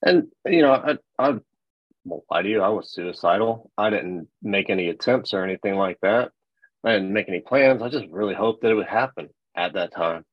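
A very deep-voiced man speaks frankly and reflectively with a profane edge. The recording is dull and lo-fi, and it sounds dry, with no room echo. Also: animated, moderate pace. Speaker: guest, military veteran. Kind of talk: candid conversation.

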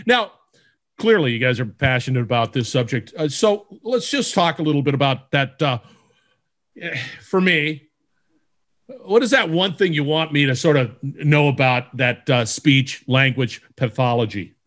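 A man hosting a podcast interview, playful and jokey in an upbeat, animated way. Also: mid-range voice, normal speed. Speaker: podcast host.

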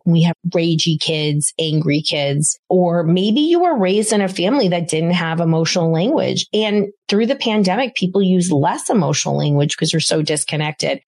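A middle-aged woman talks to parents in a casual, enthusiastic way and leans hard on her key points. Her voice sits on the low side. The recording is dry and close. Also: a little mellow, dry recording. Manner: emphatic and enthusiastic, repeats words for stress. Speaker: parenting podcast host. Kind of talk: casual advice monologue.

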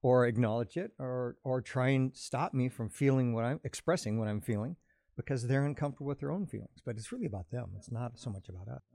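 Calm reflective man, dry close sound. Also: mid-range voice, fast talker, gravelly, no room sound. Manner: calm, reflective, explains ideas at length. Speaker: podcast co-host. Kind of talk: casual conversation.

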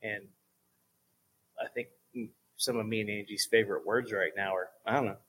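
Man, low voice, husky, direct, coaxing, faith group talk. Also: fairly bright tone, rough recording. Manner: direct, coaxing, asks "okay?" often. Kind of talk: informal exhortation.

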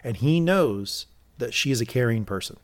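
Male podcast co-host, casual recap chat, animated, middle pitch. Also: moderate pace. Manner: animated, acts out quoted lines.

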